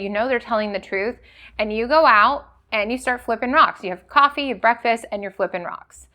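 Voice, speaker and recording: A woman's voice: a little high, bright, forceful tone. A woman hosting a motivational business talk, coaching her audience with rhetorical questions and frequent "okay?" checks.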